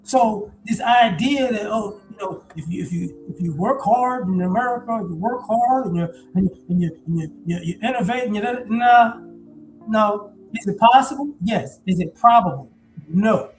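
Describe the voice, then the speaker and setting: A man in his forties giving a blunt, profane, animated casual monologue. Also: high-pitched, moderate pace, faint music behind, rough recording. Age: 40s. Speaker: commentator.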